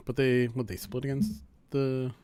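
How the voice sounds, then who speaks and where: A man's voice: mid-range voice, measured pace, creaky. Dry-humored male podcast co-host. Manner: dry, relaxed, signs off to chat. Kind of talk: casual podcast banter.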